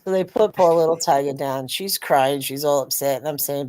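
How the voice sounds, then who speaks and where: Low-voiced woman telling a lively story. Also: normal speed, few pauses. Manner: animated storyteller, swears freely. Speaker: co-host. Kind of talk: casual pub chat.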